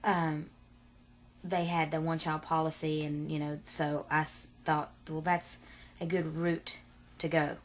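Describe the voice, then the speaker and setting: A woman's voice: low-pitched, little pitch movement, measured pace. A woman, talking casually and at length to her camera in a rambling, long-winded way full of fillers and asides. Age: 30s. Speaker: vlogger. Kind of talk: casual vlog talk to camera.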